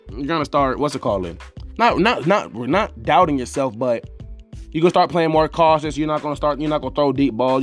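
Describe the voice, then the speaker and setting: A young man with a fairly low voice hosts a casual sports podcast on his own, rambling from one point to the next. He talks straight at the teams, restarting his sentences as he goes, while faint music plays underneath. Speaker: podcast host. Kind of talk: casual solo sports talk.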